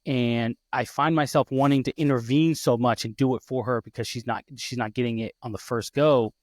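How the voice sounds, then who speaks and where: A man in his thirties hosting a casual podcast interview, lively and quick to act out his kids' voices. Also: mid-range voice, dry recording, studio quality. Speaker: podcast host.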